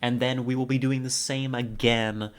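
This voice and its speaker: A man's voice: mid-range voice, level tone, moderate pace, clean tone. A man streamer chatting casually with his viewers as he ends his stream, rambling and playful and laughing often. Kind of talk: casual stream sign-off chat.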